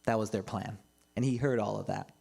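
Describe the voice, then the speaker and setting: A man's voice: fairly low pitch, fairly even intonation, brisk, creaky, a little mellow, slightly rough. A man preaching a casual, storytelling sermon as a pastor, often breaking into laughter between remarks. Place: church livestream.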